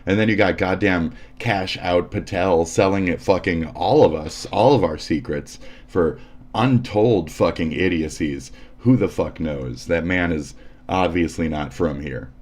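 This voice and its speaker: A man's voice: low voice, a little slow, a little mellow. A man hosting a livestream, ranting in a sarcastic, profane and combative way as he comments on news clips. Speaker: livestream host.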